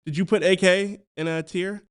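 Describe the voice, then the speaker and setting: A man's voice: high-pitched, fairly even intonation, normal speed, clean tone. A man co-hosting a sports podcast in casual chat. He is playful and teasing and laughs often. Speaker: podcast co-host.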